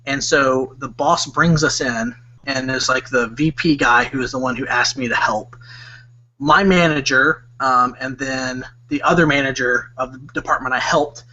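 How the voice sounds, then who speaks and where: A man's voice: medium pitch, fairly even intonation, normal speed, sharp tone. A young man telling a story in casual podcast chat, rambling and leaning on "like". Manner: rambling, heavy use of "like", bursts of laughter. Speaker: podcast co-host. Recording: dull lo-fi podcast audio.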